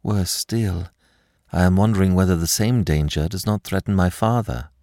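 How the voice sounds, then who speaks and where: A man's voice: low-pitched, fairly quick, warm tone, dry recording, studio quality, natural voice. Man doing a frightened young French lady. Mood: fearful. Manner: anxious, breathless pleading. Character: frightened young French woman, about twenty.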